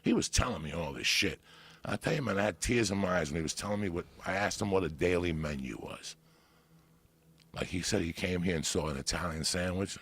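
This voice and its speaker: Gravelly, profane New man. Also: sits low, fairly quick. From New Jersey. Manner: animated, profane storyteller. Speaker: podcast guest. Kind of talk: casual storytelling.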